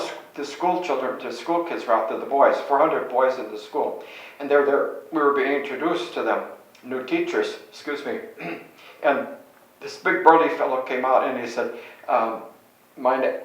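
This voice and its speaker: A man's voice: medium pitch, unhurried. Older guy, a priest from chicago, rambling through old stories, mic far off, big echo. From Chicago, USA. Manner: meandering, self-correcting storyteller. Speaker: Catholic priest. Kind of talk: reminiscing anecdotes. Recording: very echoey room, distant mic.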